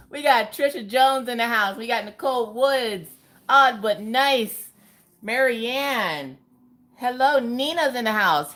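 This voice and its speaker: A woman hosts a casual livestream, her pitch jumping lively up and down as she calls out viewers by name. She talks in an easy, joking way, full of playful exclamations and chatty asides. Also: a little slow. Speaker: livestream host.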